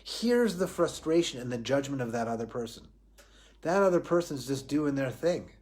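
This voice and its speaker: Guy doing a spiritual livestream talk, thoughtful, restarts a lot, mid pitch. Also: expressive, normal speed, a little mellow. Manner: reflective, repeats and restarts phrases, asks himself questions. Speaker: spiritual teacher. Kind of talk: Facebook Live spiritual talk.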